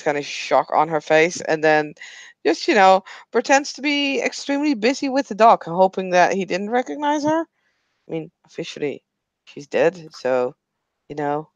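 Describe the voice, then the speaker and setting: A woman's voice: on the low side, big pitch swings, moderate pace, dry recording, dull audio. Hesitant woman at a tabletop game. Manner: hesitant, lots of fillers, laughs easily. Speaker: tabletop player. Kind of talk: casual tabletop role-play.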